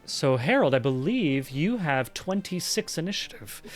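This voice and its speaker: A man's voice: a little high, very animated, moderate pace, faint music behind. A man running a tabletop game as game master, narrating scenes at length with frequent ums and uhs.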